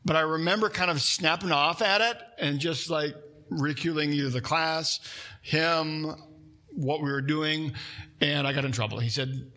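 Male pastor, sermon delivery, bright and slightly high voice, animated storyteller who drops to a hush for key lines. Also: normal speed. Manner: animated storytelling preacher, swinging between loud emphasis and hushed quiet.

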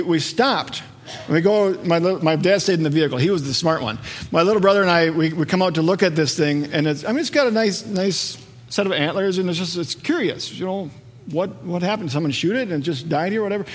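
A man's voice: high voice, fast. A man preaching a sermon, telling stories with energy and acting out the voices of the people in them. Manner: lively storytelling, acts out voices. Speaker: pastor. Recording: long reverb of a large hall.

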